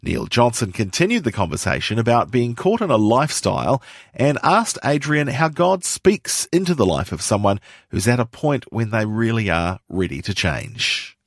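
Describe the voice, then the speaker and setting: A man's voice: mid-range voice, sing-song, normal speed, no room sound, clean studio sound. A man narrating a scripted recap that introduces a program segment.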